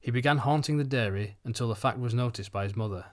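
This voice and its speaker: A man narrating a short story for an audiobook in an even, unhurried reading. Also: mid-range voice. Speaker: audiobook reader.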